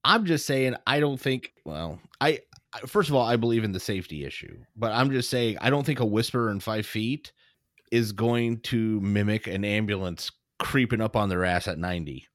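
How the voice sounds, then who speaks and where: A man's voice: on the low side, normal speed, dry recording, clean studio sound. A man co-hosting a casual podcast, teasing and cracking jokes at his partner. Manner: teasing, wisecracking. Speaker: podcast co-host. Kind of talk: joking casual chat.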